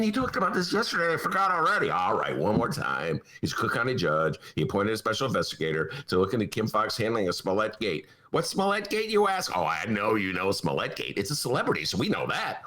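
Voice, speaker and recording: A man's voice: on the low side, sharp tone. Theatrical mock-outraged Chicago man. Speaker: podcast host. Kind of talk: comic political rant. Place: home studio.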